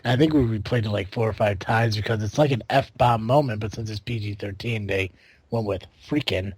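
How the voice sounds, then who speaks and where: A man's voice: fairly low pitch, a little fast, darkish tone, slightly rough, dry recording. Guy hosting a podcast, rambly and sweary, laughs a lot, dry close sound. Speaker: podcast host. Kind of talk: casual chat.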